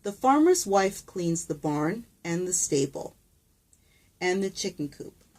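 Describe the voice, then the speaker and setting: A woman's voice: fairly low pitch, sing-song, slow pace, darkish tone. A woman teacher reading a picture book aloud to children, patient and encouraging, with asides to the kids.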